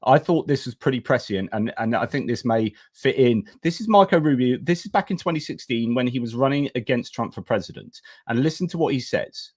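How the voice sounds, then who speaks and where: A man's voice: medium pitch, a little mellow. A man co-hosting a livestream in casual chat, hesitant and full of fillers. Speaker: livestream co-host.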